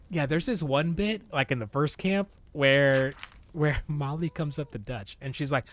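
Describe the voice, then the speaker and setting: A man streaming a video game, chatting casually in an animated way, often chuckling and reading in-game text aloud. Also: on the high side, a little slow. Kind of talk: casual gameplay commentary.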